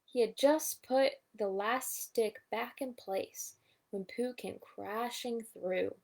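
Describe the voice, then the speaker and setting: A woman's voice: on the high side, takes it slowly, gravelly, darkish tone. A woman reading a children's storybook aloud, adding asides about the pictures. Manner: reads with asides pointing at pictures. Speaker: storybook reader. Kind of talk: bedtime story read-aloud.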